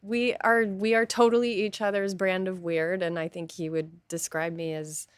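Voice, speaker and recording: A woman interviewee talking candidly, thoughtful and hesitant, pausing often as she searches for words. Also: medium pitch, level tone, clean tone, no room sound, studio quality. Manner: thoughtful and hesitant, with many pauses and fillers. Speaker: guest.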